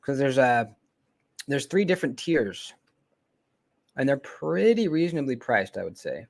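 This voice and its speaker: Here the knife channel host's voice has a gravelly edge, though his pitch stays in an ordinary middle range. He rambles through casual livestream chat right by his desk mic, relaxed, full of ums, pausing often and trailing off.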